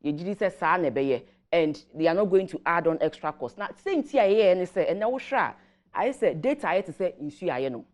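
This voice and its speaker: Low-voiced Ghanaian woman explaining policy. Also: lively intonation, a little mellow. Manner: measured, mixes Twi and English. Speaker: government guest commentator. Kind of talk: explaining policy on a morning show.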